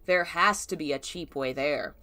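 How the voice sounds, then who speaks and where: A woman's voice: low voice, normal speed, pushed and bright, pitched below the performer's own voice. A woman reading the lines of a shy, nervous young man who speaks hesitantly and politely. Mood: earnest.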